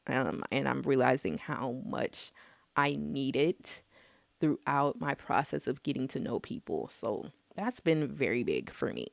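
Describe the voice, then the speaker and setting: A young woman talks to her viewers in a loose, chatty vlog, dramatic and full of slang. Her voice sits on the low side for a woman and has a gravelly fry, but it swings up and down a lot. The sound is dry and close, with no room around it. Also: no echo. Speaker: astrology vlogger. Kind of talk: casual chat to camera.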